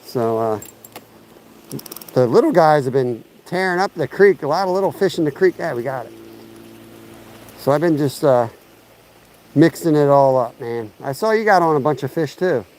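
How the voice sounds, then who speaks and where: A man's voice: fairly high pitch, expressive, normal speed, long pauses, a little mellow, a little hiss or hum, poor audio. A man hosting a fishing livestream outdoors, rambling casually and chatting with his viewers through a chest-mounted mic. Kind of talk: casual live-stream chat while fishing outdoors. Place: outdoors by a lake and creek. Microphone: chest-mounted camera mic.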